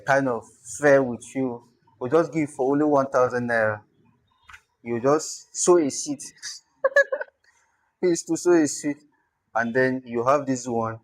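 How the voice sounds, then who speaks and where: Slow, careful Nigerian-accented language teacher. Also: mid-range voice, low-quality recording. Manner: slow, repeats words for careful pronunciation. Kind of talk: informal language lesson.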